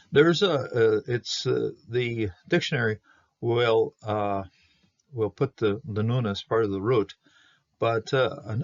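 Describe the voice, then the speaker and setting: Low gravelly guy explaining hebrew grammar, lots of uh and restarts, dull dry recording. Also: dry recording. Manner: halting, many fillers and restarts, explanatory. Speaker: Bible Hebrew teacher. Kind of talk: verse-by-verse Hebrew grammar lesson.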